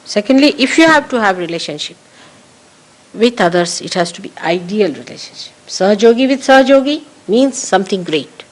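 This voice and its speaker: Woman spiritual teacher, mid-pitched voice, emphatic, repeats her points, archive talk. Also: lively intonation, brisk, poor audio. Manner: emphatic, repeats key phrases for stress. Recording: 1982 archive recording of a talk.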